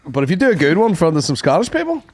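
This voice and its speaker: A man's voice: on the high side, very animated, rapid-fire, a little mellow. A Northern Irish man, a comedian co-hosting a podcast, teasing and bantering in casual chat.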